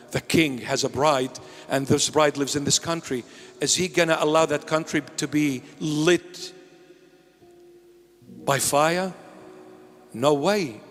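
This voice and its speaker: A man preaching a sermon as a bishop, impassioned and pleading, with joking asides. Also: mid-range voice. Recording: long hall reverb with faint music.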